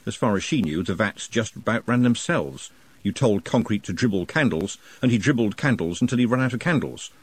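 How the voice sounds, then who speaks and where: A man narrating an audiobook in an expressive, wry manner, recorded close to the mic. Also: fairly low pitch, fairly quick, husky. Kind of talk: scripted narration.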